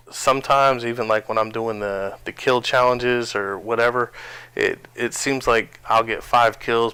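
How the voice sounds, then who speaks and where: A man's voice: fairly low pitch, fairly bright tone, clear, resonant tone, no echo. A man from New Jersey with a slight twang, giving rambling, casual commentary over his own gameplay on a headset. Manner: rambling, many restarts and fillers. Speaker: gaming channel host.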